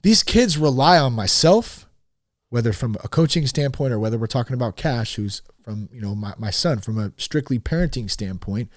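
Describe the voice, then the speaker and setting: A man in his thirties hosting a podcast, talking frankly in a casual, animated monologue. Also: medium pitch, moderate pace, dry recording, clean studio sound. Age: 30s. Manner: animated and frank, with swearing and rising emphasis. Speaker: podcast host.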